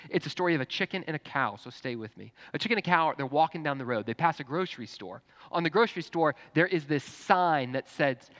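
A pastor preaching a sermon, earnest, dropping to a hush and then rising to fervent emphasis. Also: male voice, mid-range voice. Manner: earnest, swings from hushed to fervent. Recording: long reverb in a church hall.

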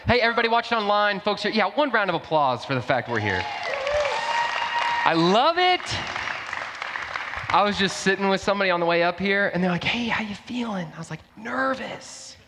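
A young man preaches to his congregation in a casual, energetic way, and his voice drops to a hushed, earnest tone for prayer. His voice sits a little on the high side. The sound carries the long reverb of a large church hall. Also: rapid-fire, hardly any pauses, crowd noise. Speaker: pastor. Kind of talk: sermon. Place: church auditorium.

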